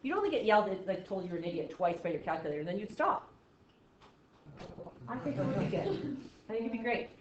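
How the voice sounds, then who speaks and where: A woman's voice: mid-range voice, very animated, fast, pauses often, noisy background. Playful woman teaching math in an echoey room. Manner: playful, exaggerated, jokey asides. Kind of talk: classroom math lesson. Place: classroom. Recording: echoey classroom, dull lo-fi sound.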